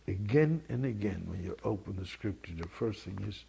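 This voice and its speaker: Husky preacher with sudden loud outbursts. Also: male voice, on the low side, lively intonation, moderate pace, hardly any pauses. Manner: swings between quiet musing and loud emphatic outbursts. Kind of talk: sermon.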